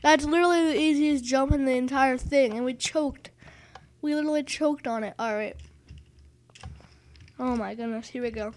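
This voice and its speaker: Excitable high-voiced woman narrating gameplay. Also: moderate pace, long pauses, a little hiss or hum. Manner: excitable, self-mocking, keeps exclaiming over failed jumps. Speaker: gaming video host. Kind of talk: live gameplay commentary.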